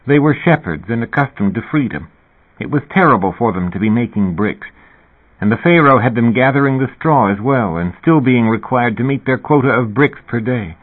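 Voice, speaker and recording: A man voicing a calm, devout young woman who explains things reasonably, his voice lifted a little higher. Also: moderate pace, slightly rough. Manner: calm, reasonable, lightly pitched-up. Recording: tinny phone-like radio sound.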